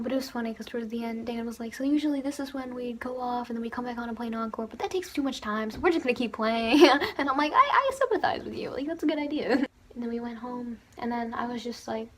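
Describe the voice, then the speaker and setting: A teenage girl tells a story on her vlog in a gushing, giggly voice, stumbling over her fillers. Her voice sits a little high. A faint hiss runs underneath. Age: teens. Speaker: vlogger. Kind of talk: excited storytelling.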